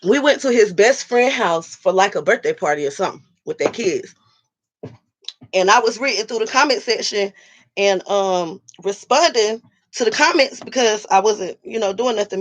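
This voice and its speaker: A woman talking casually with her livestream viewers, blunt and profane. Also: mid-range voice. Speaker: livestream host reading chat.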